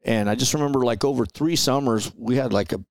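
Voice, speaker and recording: Gravelly-voiced man telling street stories. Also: mid-range voice, fast, no echo. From Los Angeles, USA. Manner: animated storyteller, peppers talk with "man" and "right?". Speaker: podcast guest. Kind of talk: casual storytelling interview.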